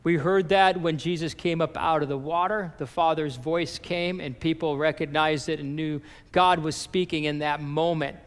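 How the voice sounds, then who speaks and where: A man preaching a sermon as a pastor, reading and paraphrasing scripture with animated emphasis. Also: fairly high pitch, moderate pace, hardly any pauses, clean tone, big-room sound.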